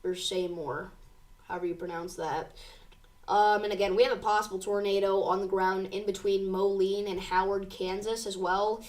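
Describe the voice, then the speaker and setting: A woman calls a live tornado outbreak for her stream, urgent and direct as she reads warnings aloud and talks to viewers. Her voice sits at an ordinary pitch and sounds a little distant from the mic. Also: flat delivery, moderate pace, darkish tone. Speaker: severe weather livestream host. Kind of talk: live storm coverage commentary.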